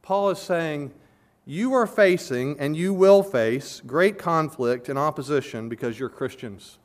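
A man preaching an expository sermon as pastor, earnestly, swelling loud on key words and then dropping low. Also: unhurried.

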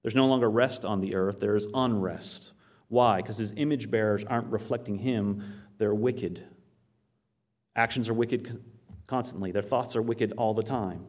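A man with a lowish voice delivers a sermon at normal speed, teaching from the Bible. He tells stories with animation, poses questions to his listeners and answers them himself, and reads scripture aloud.

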